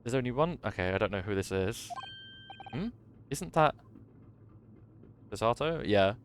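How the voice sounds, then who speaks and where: A man's voice: on the low side, animated, unhurried, a little hiss or hum. A man streaming a game live, chatting casually and giggling.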